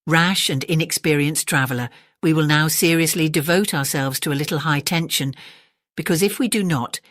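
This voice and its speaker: A woman's voice: deep voice, moderate pace, a bit bright, no room sound, studio quality. A woman voicing a pompous, long-winded male python snake in a storybook, speaking in a stiff, formal way.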